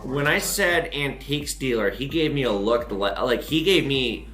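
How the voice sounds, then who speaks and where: A man hosting from his pawn shop counter, who tells stories in a loose, profane and animated way. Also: mid-range voice, normal speed, faint music behind. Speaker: pawn shop owner and show host. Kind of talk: casual monologue to camera.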